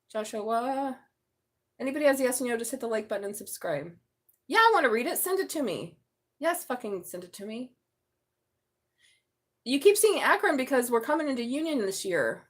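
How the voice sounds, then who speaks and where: A woman's voice: fairly high pitch, very animated, brisk, long pauses. A middle-aged woman reading tarot on a casual live stream, blunt and chatty, swearing freely. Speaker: tarot reader.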